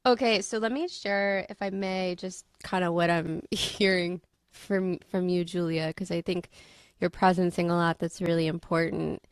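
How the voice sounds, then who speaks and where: A woman host leading a group coaching call, gently guiding and reflective. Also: lowish voice, fairly even intonation, normal speed, clear, resonant tone, dry recording, studio quality. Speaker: mentor and host.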